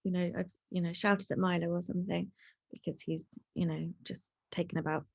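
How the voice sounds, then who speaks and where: A woman talks candidly as a single mother in casual chat, leaning on likes and you knows. Her voice is gravelly and mellow. The recording sounds dull and lo-fi. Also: fairly low pitch, steady tone, a little fast, dry recording. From England. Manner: candid, filler-heavy, says like and you know.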